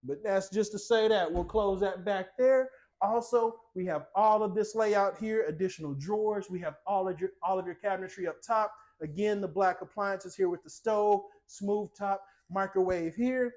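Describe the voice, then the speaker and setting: A man's voice: high-pitched, moderate pace, a little mellow. A man hosting a walkthrough tour of a small home, talking in a playful, colloquial sales patter. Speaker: host giving a home tour. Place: indoors in a small tiny house.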